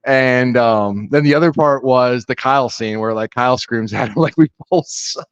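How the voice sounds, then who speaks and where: A man co-hosting a casual podcast, telling a story in a relaxed way with lots of "like" fillers. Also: mid-range voice, moderate pace, clear, resonant tone, no echo, highs cut off. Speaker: podcast co-host.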